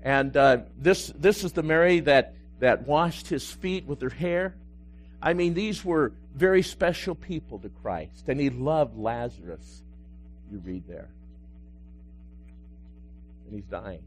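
A man, a pastor, preaching a sermon that swings between loud emphasis and hushed, quiet moments. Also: mid-range voice, expressive, slow, a little hiss or hum.

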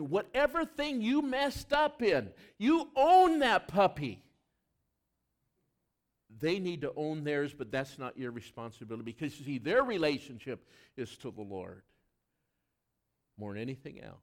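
A man delivers a sermon with a fairly high voice that swings widely in pitch. He calls questions out to the congregation, then drops into quiet, low asides before rising again. The delivery is animated and emphatic. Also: unhurried. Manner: swings between loud emphatic lines and hushed low asides; asks the congregation questions directly. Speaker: pastor.

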